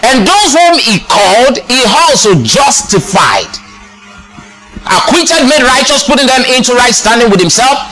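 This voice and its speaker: A man preaching a sermon, exuberant, often laughing and shouting praise and calling out to the congregation. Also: very high-pitched, expressive, unhurried, music in the background.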